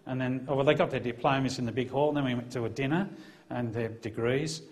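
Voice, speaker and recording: A man's voice: mid-range voice, fairly even intonation, fairly quick. A middle-aged man, a former police officer, gives a personal testimony to a live audience in a conversational way, acting out the dialogue with a lifted voice. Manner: conversational storyteller who acts out the dialogue, lifting his voice for quotes.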